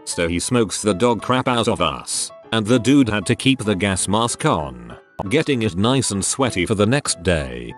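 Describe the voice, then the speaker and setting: A man with a fairly low voice narrates written stories in a scripted style, his pitch rising and falling a lot from line to line. He reads the text very literally, even spelling out abbreviations letter by letter. Faint music plays softly behind him. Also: measured pace. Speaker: story narrator.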